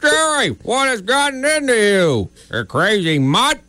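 Man voicing a dog owner, cartoon, high, bright, dry recording, scolding. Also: big pitch swings, measured pace, no room sound, exaggerated voice. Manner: scolding and impatient. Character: dog owner, stern husband. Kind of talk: cartoon voice acting.

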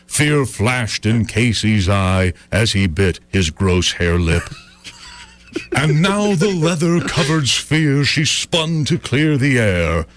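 Male comic, slow and theatrical, big swooping pitch, mock-epic verse recital, dry close sound. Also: big pitch swings, a bit bright. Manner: mock-epic poetic delivery with rhythmic pauses. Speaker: comedian. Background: audience laughter.

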